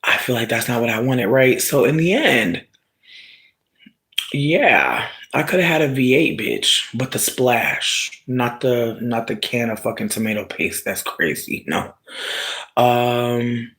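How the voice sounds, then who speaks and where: Streamer chatting with viewers: brash, profane, animated, prone to loud shouting bursts, mid pitch. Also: slow. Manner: asides to the audience. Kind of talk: casual storytelling chat.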